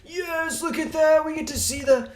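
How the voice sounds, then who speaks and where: A man mockingly imitating an overexcited anime fan, squealing with shrill, gushing delight. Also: moderate pace. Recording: echoey room, noisy background.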